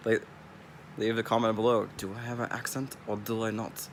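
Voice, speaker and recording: A man's voice: fairly low pitch, steady tone, normal speed, slight background noise. A young man from California with a Californian accent, rambling in a laid-back, casual vlog monologue. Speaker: streamer.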